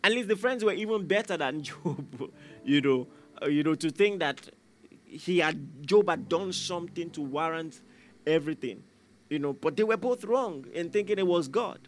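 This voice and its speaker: A man's voice: on the high side, animated, moderate pace. A man preaching a sermon, emphatic and repeating key phrases, raising his voice when he acts out quoted lines. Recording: faint instrumental music behind.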